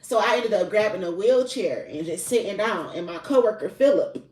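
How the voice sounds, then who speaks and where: A woman's voice: mid-range voice, animated, a little fast, darkish tone, a little hiss or hum. Candid profane woman in an echoey room. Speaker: spiritual reader. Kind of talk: casual confessional storytelling. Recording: roomy echo, mic at a distance.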